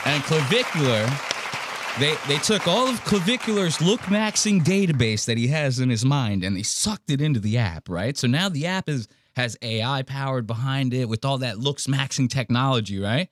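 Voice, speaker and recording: Animated, swearing podcast host man. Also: medium pitch, moderate pace, no echo, clean studio sound, a faint crowd. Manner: animated, profane storytelling. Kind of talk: casual chat.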